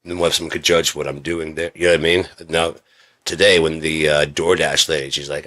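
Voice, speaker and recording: A man's voice: a bass voice, little pitch movement, fairly quick, sharp tone. A man talking in a rambling, swearing monologue, coughing often and acting out quoted voices. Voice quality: frequent coughing. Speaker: video creator.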